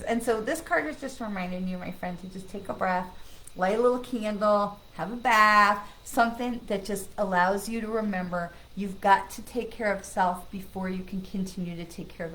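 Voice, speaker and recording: The audio is poor as a psychic medium with a mid-range voice chats casually through a live card reading on stream. She reassures her listeners, often asks "okay?" or "right?", and bursts out laughing loudly and excitedly whenever she greets friends.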